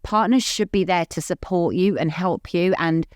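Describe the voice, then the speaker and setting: A woman's voice: fairly low pitch, moderate pace, a little mellow, clean tone, no room sound, clean studio sound. A woman co-hosting a podcast, talking openly in a rambling, earnest way full of "like". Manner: rambling, heavy use of "like", open and earnest. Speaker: podcast co-host. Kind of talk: candid casual chat.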